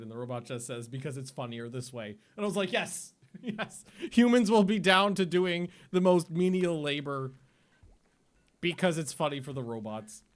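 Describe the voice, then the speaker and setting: A man's voice: medium pitch, smooth. Rambling, laughing man streaming a game. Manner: rambling and self-interrupting, laughs often. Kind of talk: casual gameplay livestream chat.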